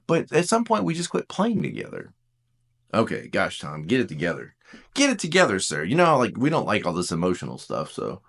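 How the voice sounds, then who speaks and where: A man's voice: mid-range voice, fast talker, gravelly, few pauses. A man teaching about personality types in a casual, self-deprecating way, acting out bits of conversation. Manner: animated, self-deprecating, acts out quotes. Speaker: Enneagram teacher.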